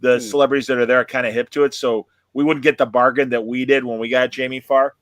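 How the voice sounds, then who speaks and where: A man hosting a casual chat about TV and movies, animated and quick to correct the others. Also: medium pitch, no echo. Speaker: podcast host.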